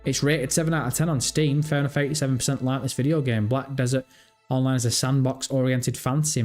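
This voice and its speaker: A man's voice: mid-range voice, a little mellow. Rambling man chatting on stream. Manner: rambling, thinks aloud, reads chat and search results. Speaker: gaming livestream host. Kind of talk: casual livestream chat.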